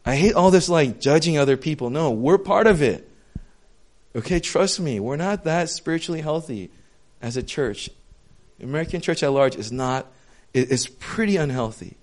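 A man's voice: fairly high pitch, animated, normal speed, a little mellow. A young adult man preaching as a pastor in a casual, candid, self-deprecating way, speaking to the congregation as friends. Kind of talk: casual sermon.

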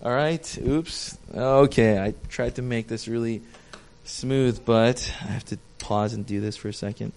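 A man's voice: mid-range voice, fairly even intonation, unhurried, a little mellow, clean tone. A young male pastor giving a casual, chatty sermon, joking with his congregation and poking fun at himself. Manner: chatty, self-deprecating, talks with the audience.

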